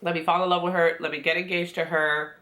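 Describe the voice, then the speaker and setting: A woman's voice: on the low side, little pitch movement, quick pace, pushed and bright. A woman giving a casual, sassy recap of a reality show, chatty and full of quoted asides. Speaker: recap vlogger.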